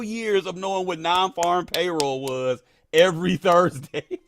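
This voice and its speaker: A man in his thirties hosting a casual livestream, animated, laughing often and reading chat aloud. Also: high-pitched, measured pace, dry recording. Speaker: livestream host.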